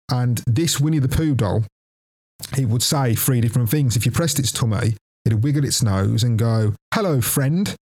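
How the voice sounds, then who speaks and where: A young man casually telling a story on a podcast, swearing often and laughing as he goes. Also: on the low side. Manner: animated, swears constantly, laughs through the telling. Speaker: podcast co-host.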